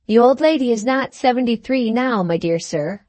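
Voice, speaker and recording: A woman's voice: a little high, expressive, moderate pace, darkish tone, no room sound, pitched above the performer's own voice, close to an everyday voice. A woman voicing a fussy, ingratiating little male attorney who wheedles and bargains in a storybook reading. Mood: coaxing. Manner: wheedling, keeps saying "my dear sir".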